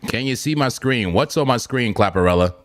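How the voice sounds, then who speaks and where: A man's voice: mid-range voice, lively intonation, fairly quick, a bit bright. A man hosting a casual crypto trading livestream, joking and repeating himself as he talks.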